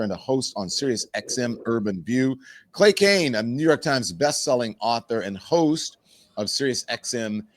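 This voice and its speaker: A man hosting a casual panel talk show, friendly and quick to jump in with introductions and questions. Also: medium pitch, no echo.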